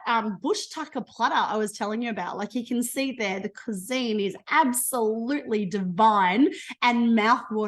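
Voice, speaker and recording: A bubbly Australian woman with a fairly high voice talks through a slide presentation on a video call. She sounds enthusiastic and chatty throughout. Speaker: travel promoter.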